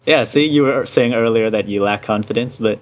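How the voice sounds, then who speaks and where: A man's voice: medium pitch, a little fast, slight background noise. A young man hosting a casual podcast, hesitant with many ums and laughing often. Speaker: podcast host. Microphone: online voice call. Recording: dull lo-fi call audio.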